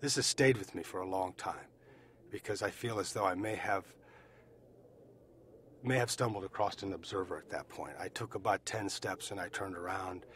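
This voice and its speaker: An American man recounting his own experience as an eyewitness, speaking deliberately and repeating phrases for emphasis. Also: low-pitched, a bit bright. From United States. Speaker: eyewitness survivor. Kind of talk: personal testimony.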